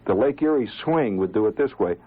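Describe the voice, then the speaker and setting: A man and amateur radio operator giving an informal, animated talk to listeners, chuckling now and then and often restarting his sentences. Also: on the low side, a little fast, narrow, tinny audio.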